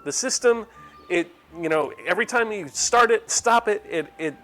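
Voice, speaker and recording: A man's voice: high voice, expressive, normal speed, bright, forceful tone. A man live-streaming a game, chatting casually and playing a mock-exasperated father scolding his chat. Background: faint game music.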